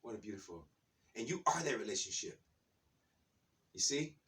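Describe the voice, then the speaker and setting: A man's voice: fairly low pitch, lively intonation, moderate pace, sharp tone, far from the mic. A man giving a spiritual talk in a fired-up, preacher-like way, repeating his phrases. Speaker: spiritual speaker.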